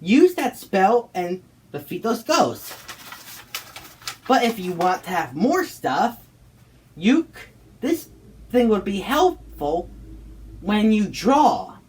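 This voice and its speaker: A woman's voice: mid-range voice, big pitch swings, slow, pauses often, darkish tone, far from the mic, slight background noise. A woman doing a bossy frog wizard. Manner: bossy, explains the game rules. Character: friendly male frog wizard helper.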